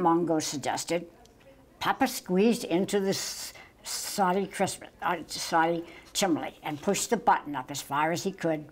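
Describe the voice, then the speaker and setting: An older woman slowly reading a children's picture book aloud, gentle and halting with small slips. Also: low voice, fairly even intonation. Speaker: storytime reader.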